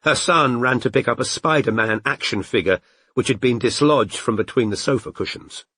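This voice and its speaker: A man's voice: mid-range voice, normal speed, a bit bright, dry recording. A man narrating an audiobook, reading expressively and doing character voices. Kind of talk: scripted narration.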